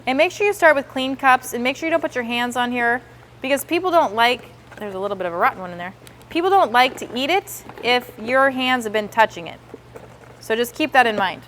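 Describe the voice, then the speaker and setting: A woman walks her trainees through a product demonstration step by step. She talks with upbeat enthusiasm in a slightly high voice and slips into the customers' reactions as she goes. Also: animated, a little fast, fairly bright tone, slight background noise. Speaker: sales trainer.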